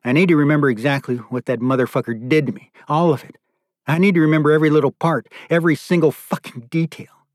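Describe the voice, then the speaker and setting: A man's voice: a little high, fairly even intonation, fast talker, no echo, studio quality, natural voice. A man doing a broken, cursing survivor. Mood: bitter. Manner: raw, profane, bitter outpouring. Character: tormented adult man reliving abuse.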